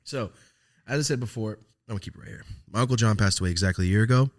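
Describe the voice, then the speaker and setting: A man's voice: fairly low pitch, very fast. A man hosting a podcast, telling a personal story in a loose, profane, reflective way, with many fillers and restarts. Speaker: podcast host. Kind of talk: casual storytelling chat.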